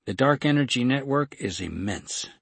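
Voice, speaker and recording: A man's voice: mid-range voice, animated, moderate pace, gravelly, slightly rough, no echo, voice pushed up. A man doing an earnest, rambling male informant. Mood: musing. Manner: speculative, uncertain. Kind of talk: audiobook narration.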